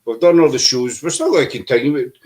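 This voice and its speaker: A man's voice: mid-range voice, fast, darkish tone. A man hosting a casual paranormal chat show over a video call, with joking banter. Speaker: podcast host.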